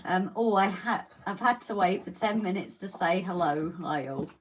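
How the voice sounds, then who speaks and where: A woman with a slightly low voice hosts a casual live stream. She reads out viewer comments and greets each person as darling or lovely. Her chat runs along over a faint background hiss. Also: lively intonation, normal speed, rough recording.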